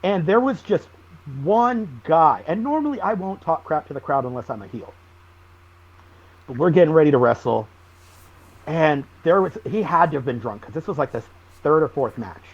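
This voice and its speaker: A man, a wrestling guest on a podcast, telling stories in a lively, animated way. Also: on the high side, moderate pace, husky, lo-fi sound. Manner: animated storyteller, acts out shouted quotes. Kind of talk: casual storytelling interview.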